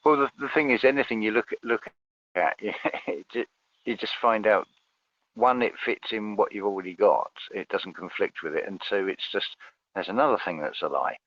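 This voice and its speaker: A man's voice: lowish voice, moderate pace, a bit bright, highs cut off. A man in casual conversation as a guest, hesitant, often repeating words as he starts a thought.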